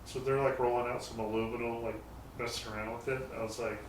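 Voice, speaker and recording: A man's voice: mid-range voice, level tone, quick pace. A man talking casually as a guest, telling rambling stories about his garage shop with the odd curse word. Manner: rambling anecdotes with mild swearing. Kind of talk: casual storytelling chat. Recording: echoey garage, distant mic, faint noise.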